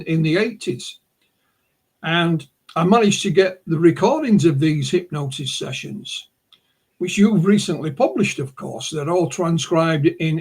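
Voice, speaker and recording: A man from the north of England with a northern English accent, an author answering interview questions in an anecdotal way. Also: a little high. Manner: anecdotal, with repeated "you know" and restarts.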